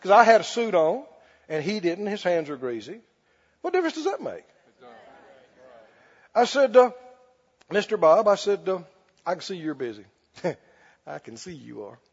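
A man's voice: high voice, sing-song, normal speed, long pauses, dull audio. A man preaching a sermon as pastor, telling a story, then leading a fervent prayer and praise.

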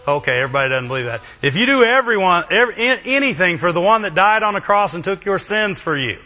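A man preaching a sermon in a lively, chatty way, with asides to the congregation. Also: sits high, fast talker. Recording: dull, long reverb of a hall.

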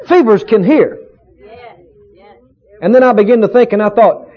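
A man preaching a sermon, stretching out key words for emphasis and rising to loud shouts of praise. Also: high voice, expressive, normal speed, pauses often. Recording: dull lo-fi sermon recording.

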